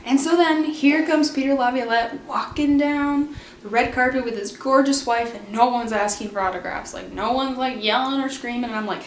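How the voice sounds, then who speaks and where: Chatty young woman, high voice. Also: normal speed, roomy sound, slight background noise. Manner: chatty, lots of fillers, acts out quotes in a higher voice. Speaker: vlogger. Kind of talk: casual storytelling.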